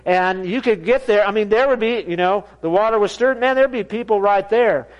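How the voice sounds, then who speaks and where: Man, pastor, high voice, animated storytelling, laughs often, acts out quotes. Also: moderate pace, lo-fi sound. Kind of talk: sermon with storytelling. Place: church sanctuary.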